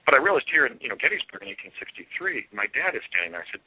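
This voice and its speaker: A man telling a long first-person story as an interview guest, earnest and halting, with frequent fillers. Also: medium pitch, sing-song, pushed and bright, slightly rough, no room sound, poor audio.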